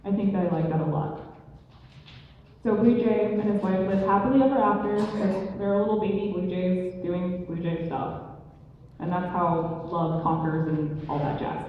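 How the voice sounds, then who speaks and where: A young woman telling a traditional story in a casual, lively way, slipping into the characters' voices with slangy asides. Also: medium pitch, moderate pace, distant mic, a little hiss or hum. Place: event hall. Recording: echoey hall recorded from afar, dull.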